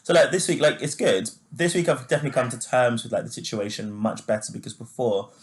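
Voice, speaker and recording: A man's voice: medium pitch, quick pace. Chatty laughing male podcast co-host. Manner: chatty, laughs easily, many fillers. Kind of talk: casual chat.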